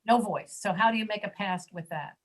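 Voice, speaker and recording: A woman leads an online pronunciation lesson over a video call. She draws words out slowly and repeats sounds for her students, in an even, middle-pitched voice. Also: low-quality recording. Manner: slow, drawn-out modeling of sounds. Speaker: ESL pronunciation teacher. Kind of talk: online class teaching.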